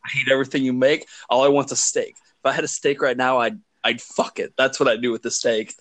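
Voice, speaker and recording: A man's voice: mid-range voice, flat delivery, fairly quick, fairly bright tone, close to an everyday voice. A man putting on the voice of a drunk, bitter young lighthouse hand in a crude rant. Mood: drunken rant. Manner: crude, ranting.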